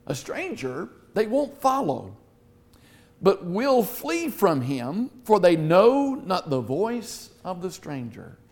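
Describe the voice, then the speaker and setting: A man's voice: high-pitched, huge pitch swings, takes it slowly, a little mellow. A man preaching a Bible teaching sermon, earnest, often repeating himself as he reads scripture aloud.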